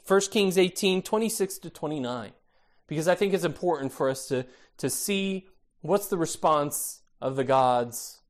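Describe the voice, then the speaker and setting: Guy with a high voice preaching, lively, acts out the people he quotes. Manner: expressive, acts out quoted voices, rhetorical questions. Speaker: pastor. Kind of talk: sermon.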